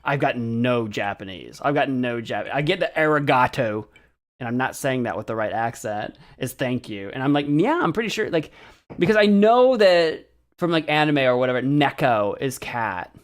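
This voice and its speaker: A man's voice: mid-range voice, expressive, normal speed. An American man streaming, chatting casually as he practices a language app, thinking aloud and second-guessing himself.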